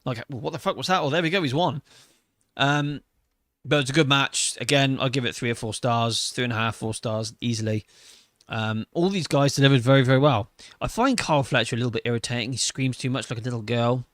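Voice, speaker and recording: A man's voice: medium pitch, brisk, fairly bright tone, no room sound. Guy in his 30s gushing about wrestling, swears a lot, dry close mic sound. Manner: enthusiastic, emotional, swears casually. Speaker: podcast host. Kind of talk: casual wrestling review chat.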